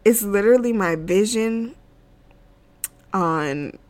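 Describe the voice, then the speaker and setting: A woman's voice: mid-range voice, lively intonation, takes it slowly, a little mellow. A woman hosting her own podcast, chatting casually on her own while tearful and laughing between words, with many fillers. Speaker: podcast host. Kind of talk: casual solo chat.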